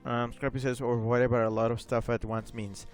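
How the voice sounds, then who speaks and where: A man's voice: medium pitch, flat delivery, a little fast, soft background music. A man chatting casually on a live gaming stream, rambling with lots of fillers and reading chat messages aloud.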